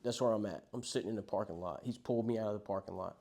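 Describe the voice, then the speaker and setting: A man's voice: lowish voice, very fast, a little mellow. A young man candidly telling his story of addiction and loss to a recovery group, speaking in a conversational, profane way.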